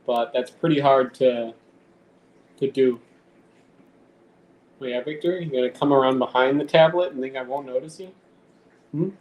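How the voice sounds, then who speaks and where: A man's voice: mid-range voice, moderate pace, pauses often, a little mellow. Casual man teasing his cat. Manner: teasing, talks baby-talk to his cat. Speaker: live streamer. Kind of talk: casual stream chat. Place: at home with a cat. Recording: echoey room, faint background noise.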